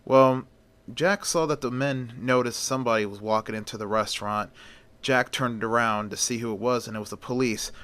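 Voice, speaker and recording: A man's voice: medium pitch, steady tone, normal speed, a bit bright. Folksy male storyteller. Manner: folksy, often opens with "well". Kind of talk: casual amateur storytelling.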